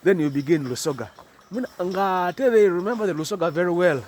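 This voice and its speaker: This Ugandan-accented vlogger has a high, darkish voice and talks fast, with a little hiss or hum on the recording. Standing outside in cold weather, he rambles chattily to camera, switching between English and Luganda and laughing along the way.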